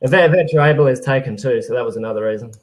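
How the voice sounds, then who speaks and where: A man calls in to get feedback on his startup. His voice sits at an average pitch. He sounds agreeable and keeps his answers short. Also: fast talker. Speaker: caller getting feedback.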